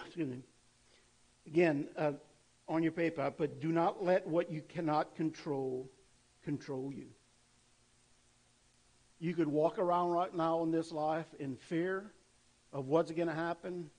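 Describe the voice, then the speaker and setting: High-voiced man preaching earnestly. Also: fairly even intonation, measured pace, pauses often, a little mellow, rough recording. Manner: earnest, conversational preaching with rhetorical questions. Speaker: pastor. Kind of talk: sermon.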